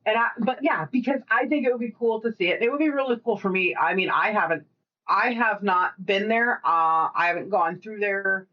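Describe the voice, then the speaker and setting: A woman co-hosting a podcast in casual chat, rambling and swearing freely with quick asides. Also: medium pitch, highs cut off. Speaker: podcast co-host.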